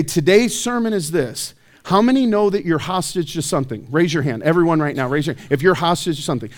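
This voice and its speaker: Conversational male pastor, slightly high voice. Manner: conversational, self-deprecating, rhetorical questions. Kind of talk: sermon. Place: church.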